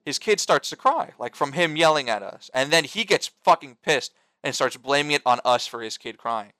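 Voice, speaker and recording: Rambling profane young man, bright voice. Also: a little high, animated, normal speed, no echo. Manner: rambling, profane, lots of fillers and restarts. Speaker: storyteller among friends. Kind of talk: casual chat.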